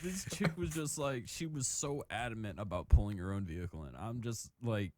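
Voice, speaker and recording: A man's voice: on the low side, expressive, a little fast, heavy background noise. A man from Michigan, a guest on a casual podcast, talking profanely and laughing a lot as he reads. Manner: profane, laughs through his reading. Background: music.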